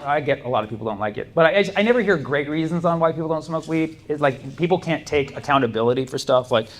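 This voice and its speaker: A stand-up comedian with a slightly high voice talks fast on a comedy club stage, telling stories in a loose, rambling way full of fillers and restarts. It is a live club recording with steady background noise and audience ambience.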